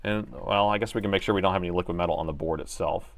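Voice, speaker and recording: A man's voice: low-pitched, fairly even intonation, racing. A man hosting a laptop repair livestream, chatting casually to viewers and laughing often as he works. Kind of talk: casual live repair chat.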